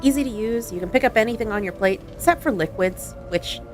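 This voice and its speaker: A woman's voice: on the high side, a little fast, faint music behind. A woman co-hosting a game stream, chatting casually and upbeat into a desk microphone.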